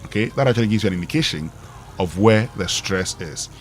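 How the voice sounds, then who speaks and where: A man's voice: on the low side, animated, brisk, faint music behind. A Ghanaian man co-hosting a morning radio show, explaining pronunciation in a teacherly way with fillers. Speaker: radio co-host. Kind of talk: casual radio chat and newspaper review. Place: radio studio.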